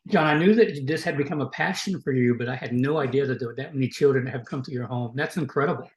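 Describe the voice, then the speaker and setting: A man hosting a podcast, introducing his guest in a quick, friendly way with filler pauses. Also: mid-range voice. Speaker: podcast host. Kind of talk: casual interview hosting. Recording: echoey room.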